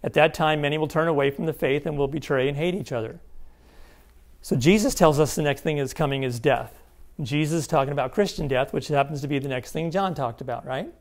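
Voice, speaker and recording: A man's voice: fairly high pitch, a little fast. A man giving an emphatic Bible teaching seminar, often checking in with his listeners. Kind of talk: sermon-style seminar teaching.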